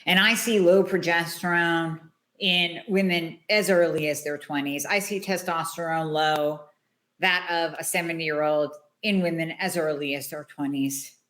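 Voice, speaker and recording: A woman's voice: deep voice, fairly even intonation, a little slow, fairly bright tone. A woman hosting a solo health podcast, talking in a blunt, emphatic, conversational way. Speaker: podcast host, hormone doctor.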